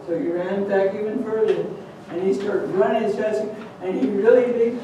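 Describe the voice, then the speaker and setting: An older woman telling a folk tale aloud to an audience, animated and chatty, slipping in Spanish words. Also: mid-range voice, moderate pace, muffled recording. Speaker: storyteller. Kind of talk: lively live storytelling. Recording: echoey hall, distant mic, noisy.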